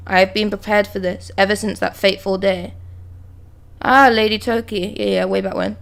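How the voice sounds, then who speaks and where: This young woman's pitch is medium and her delivery moderate in speed, with a creaky texture. She's streaming live, voicing manga dialogue and breaking away to swear and exclaim excitedly.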